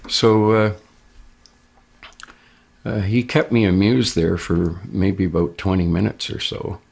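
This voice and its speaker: A man's voice: deep voice, level tone, takes it slowly, gravelly, a little mellow, breathy edge. A man giving a plain, rambling first-person account as a witness. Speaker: abduction witness.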